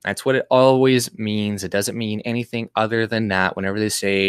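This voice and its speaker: A man with a fairly low voice rants casually on his home livestream, rambling, swearing and often breaking off to restart his sentences. The sound is close and dry, with little room around it. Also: moderate pace, clear, resonant tone, no echo. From Canada. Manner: rambling, profane, with frequent restarts and mocking mimicry. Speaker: livestream host. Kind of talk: casual political livestream rant.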